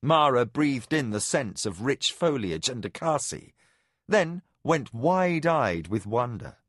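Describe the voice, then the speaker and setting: Male narrator, audiobook reading, lively pitch, measured storytelling, dry recording. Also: dry recording. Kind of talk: scripted narration.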